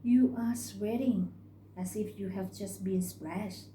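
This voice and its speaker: A woman's voice: medium pitch, slow pace, mellow, a little hiss or hum, natural voice. A woman voicing a stout middle-aged woman who runs a restaurant kitchen, blunt and motherly. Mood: brisk. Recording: roomy recording.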